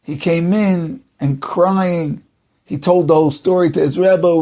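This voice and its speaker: A man's voice: a little high, fairly even intonation, a little slow, mellow. A man, a rabbi, telling a story in a dramatic, varied way. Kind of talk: storytelling talk.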